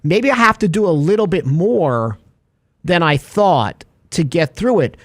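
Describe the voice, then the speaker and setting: Tired guy co-hosting a money show, voice all over the place, jokey, kinda high, dry sound. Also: measured pace, no echo. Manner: jokey and animated, fond of extended sea metaphors. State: tired from little sleep. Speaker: co-host of a financial talk show. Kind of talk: casual radio finance chat.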